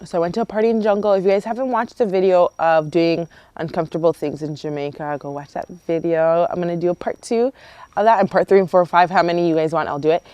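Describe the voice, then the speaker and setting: A young woman from Canada vlogging outdoors, chatty and animated, telling a storytime with lots of quoted dialogue. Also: lowish voice, fast, clean tone, no room sound, muffled recording. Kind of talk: casual storytime vlog. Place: outdoors near a yard with roosters and hens. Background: roosters and hens.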